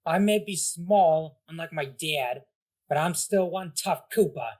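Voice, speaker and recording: A man's voice: fairly high pitch, a little slow, a little mellow, lightly acted. A man doing a bratty little turtle prince. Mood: cocky. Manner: cocky, sneering. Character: small bratty boy turtle villain prince.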